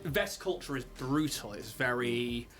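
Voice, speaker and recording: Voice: medium pitch, a little slow, fairly bright tone, soft background music. A game master narrating a tabletop game, describing scenes like camera shots. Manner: descriptive, cinematic scene-setting.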